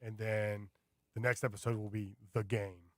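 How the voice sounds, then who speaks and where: A man chatting casually on a radio show, telling a rambling, animated story with many fillers. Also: fairly low pitch, normal speed, dry recording, clean studio sound. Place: radio studio.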